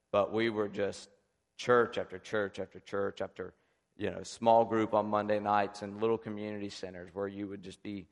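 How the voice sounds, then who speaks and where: A man, a visiting evangelist, telling his testimony in an animated way, restarting often. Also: fairly low pitch. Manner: animated storytelling with frequent restarts. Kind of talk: testimony preaching. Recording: long reverb in a hall.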